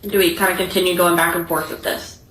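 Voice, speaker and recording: A woman attorney puts short, businesslike questions to a witness in a courtroom. She speaks quickly in a low, level voice. The sound is distant and roomy, with clear noise underneath. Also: little pitch movement. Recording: echoey courtroom from far off, noisy.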